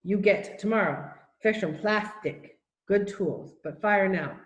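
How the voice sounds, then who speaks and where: A woman voicing a proud, demanding adult male chief who speaks in slow, clipped broken phrases, in an echoey room. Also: medium pitch, close to an everyday voice.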